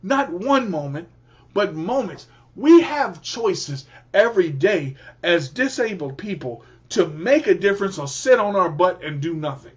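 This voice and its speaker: A male radio host with a fairly high voice that swings up and down as he drives his points home. He talks in a preacher-like, motivational way and circles back to repeat himself. The recording sounds dull and lo-fi. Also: expressive, measured pace. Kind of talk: motivational talk.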